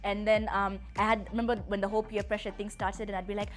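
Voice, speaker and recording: A woman's voice: medium pitch, level tone, quick pace, faint music behind. Giggly young woman, heartfelt. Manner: chatty, giggly, emotional. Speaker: vlogger. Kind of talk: heartfelt personal address.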